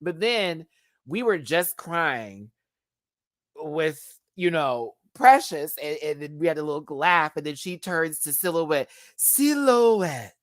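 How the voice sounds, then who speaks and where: A man giving a casual live review of a reality show, expressive and profane, swinging between emotional and giggly. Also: on the high side, a little slow, dry recording, clean studio sound.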